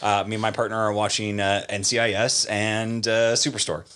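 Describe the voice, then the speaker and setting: A man with a low voice joins a casual podcast chat as a guest. He teases his hosts playfully and rattles off items rapid-fire. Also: flat delivery, a bit bright, smooth.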